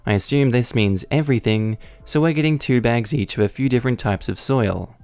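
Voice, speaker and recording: A man narrating online stories in a scripted, wry, deadpan comic style. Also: medium pitch, fairly quick, clean tone, dry recording, soft background music. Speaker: story narrator.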